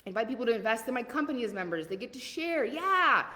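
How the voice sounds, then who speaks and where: Energetic woman coach with a Southern accent. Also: a little high, fast talker, in a large hall. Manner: energetic, blunt, motivational, asks questions and answers them. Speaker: leadership coach. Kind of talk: live coaching call.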